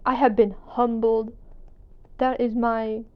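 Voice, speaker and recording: A young woman with a fairly high voice tells a story in a candid, offhand way and laughs at herself. Her mic sounds a little dull and lo-fi. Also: little pitch movement, takes it slowly. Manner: candid, self-deprecating, swears casually. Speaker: gaming vlogger. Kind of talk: casual storytelling over gameplay.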